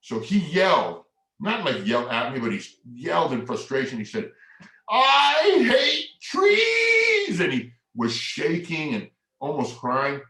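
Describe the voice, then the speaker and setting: A man presenting a family workshop, telling a story in a lively way, acting out quotes and leading the audience in movements. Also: medium pitch, moderate pace. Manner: animated storyteller who acts out quotes and leads the audience in movements. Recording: echoey room.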